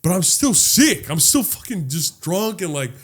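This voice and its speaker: Animated, swearing young male podcast host. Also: high-pitched, moderate pace. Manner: animated, profane storytelling with acted-out quotes. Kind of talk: casual chat, storytelling.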